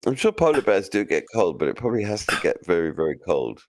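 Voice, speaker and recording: A man's voice: low-pitched, sing-song, fast, a little hiss or hum. A man as a podcast guest in casual chat, musing aloud with many restarts. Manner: musing, stammering restarts, laughs easily.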